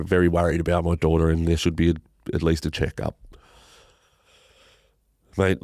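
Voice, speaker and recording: Deep-voiced Australian man, halting and raw. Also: darkish tone, no room sound, studio quality. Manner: halting, emotional, swears often, many restarts. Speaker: podcast guest. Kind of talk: emotional personal storytelling interview.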